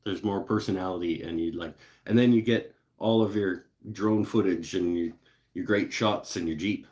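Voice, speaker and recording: A man's voice: low voice, fairly even intonation, normal speed, darkish tone. A man hosting a woodworking live show, chatting in a rambling, laid-back way with casual swearing. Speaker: woodworking channel host. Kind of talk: casual live-stream chat.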